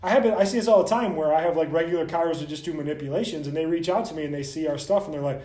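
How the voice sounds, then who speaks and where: A man hosting a vlog, ranting bluntly and profanely straight to the camera as a soft tissue clinician. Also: fairly high pitch, very fast, echoey room.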